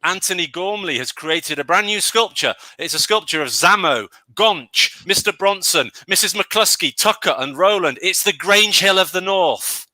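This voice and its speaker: A British comedian on a pun panel, telling jokes in an animated way. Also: male voice, sits high, normal speed, few pauses, dry recording, rough recording. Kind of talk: telling puns.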